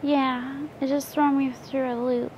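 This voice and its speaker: A woman's voice: sits high, little pitch movement, measured pace, highs cut off, a little hiss or hum. A young woman giving short, hesitant replies in casual strategy talk. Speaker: reality show contestant.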